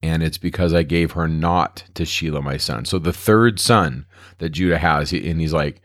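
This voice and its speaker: A deep-voiced man teaches a Bible lesson in a relaxed, conversational way. He retells the old text in everyday modern phrasing, as if talking to a class. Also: moderate pace. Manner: conversational, retells scripture in plain modern words. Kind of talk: casual Bible study lecture.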